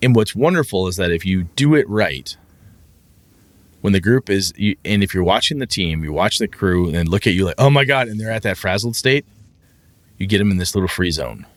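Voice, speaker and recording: A man chatting casually about running tabletop games, animated and profane, often acting out his players in a raised, excited voice. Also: sits low, a little fast, dry recording. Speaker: podcast co-host, game master.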